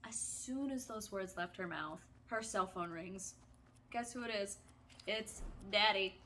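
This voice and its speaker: A woman telling a casual, animated story while playing a video game, chatty and theatrical. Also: mid-range voice, unhurried, a little hiss or hum. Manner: chatty, animated, self-described drama kid. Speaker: gaming streamer.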